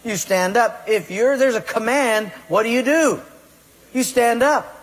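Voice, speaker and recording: High-voiced, husky male preacher in a hall. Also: measured pace. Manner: emphatic, fires rhetorical questions at the congregation. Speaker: pastor. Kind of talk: sermon. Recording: long hall reverb.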